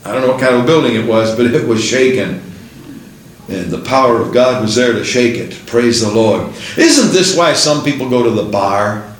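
A man's voice: medium pitch, moderate pace, echoey room, a little hiss or hum, poor audio. A man preaching a sermon in a church, building his points with one emphatic rhetorical question after another.

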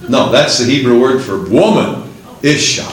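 A man's voice: mid-range voice, lively intonation, moderate pace, reverberant, crowd noise, rough recording. A man preaching a sermon in a church, building his points with one emphatic rhetorical question after another.

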